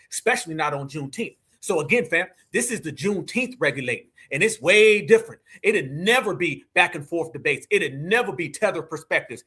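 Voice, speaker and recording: A man hosts a live stream in a fiery, preachy tone full of slang. His voice sits high and rings bright and sharp. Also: husky. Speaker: livestream host.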